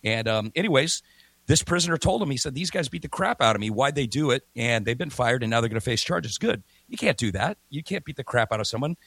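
A man's voice: mid-range voice, animated, fast talker, gravelly, fairly bright tone, dry recording. A man hosting a morning radio talk show, chatting energetically and reading ads with emphatic repetition. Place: remote broadcast from a hotel or home setup.

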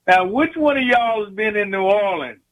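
A man's voice: sits high, expressive, moderate pace, rough recording. A man from Louisiana with a Louisiana accent, calling in to the show and chatting in a folksy way. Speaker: caller.

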